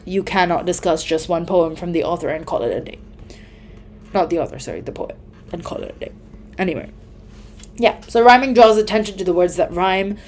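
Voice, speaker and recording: A woman's voice: mid-range voice, a little mellow. A young woman giving casual exam tips, chatty and full of fillers, often correcting herself mid-sentence. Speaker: student tutor.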